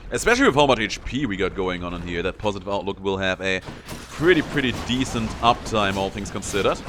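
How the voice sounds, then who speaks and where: A man's voice: lowish voice, animated, quick pace, over music. A young man giving casual commentary on his own gameplay, playfully taunting enemies as he goes. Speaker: gameplay streamer.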